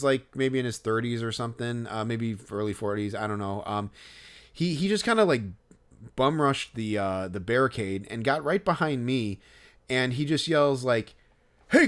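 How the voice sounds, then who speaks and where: A man's voice: medium pitch, clean tone. A man co-hosting a podcast, telling a story in casual chat, rambling and hesitant with many fillers and restarts. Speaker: podcast co-host.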